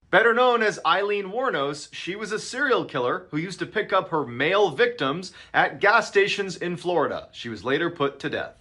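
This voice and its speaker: A man reads short eerie stories as scripted narration, in a bright voice. His pitch swings widely as he builds suspense and drops low for the reveals. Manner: dramatic, suspenseful storytelling. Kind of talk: scripted creepy-story narration.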